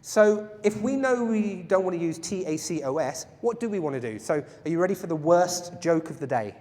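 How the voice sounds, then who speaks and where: A man with a voice a bit high for a man teaches a live self-defense class to a group, animated and brisk with a darkish tone. Playful and jokey, he keeps quizzing the audience, and the sound rings through a large hall with long reverb.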